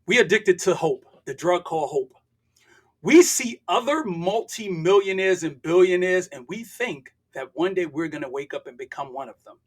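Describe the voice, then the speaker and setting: A man's voice: sits high, lively intonation, normal speed, breathy edge. An older man from the United States, a guest on an interview show, talking emphatically and preaching with rhetorical questions. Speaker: guest, real estate investor. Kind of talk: casual interview talk.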